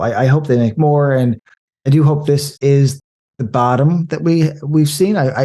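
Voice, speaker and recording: A man talking casually about movies, rambling and animated, with frequent restarts. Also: fairly high pitch. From American Midwest. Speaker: podcast guest.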